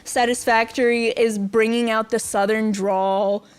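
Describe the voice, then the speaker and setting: Goofy young woman streamer, kinda high voice, takes her time, laughs at herself a lot. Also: little pitch movement, unhurried, smooth. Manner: goofy, self-mocking, giggly. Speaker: VTuber streamer. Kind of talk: casual game stream chat.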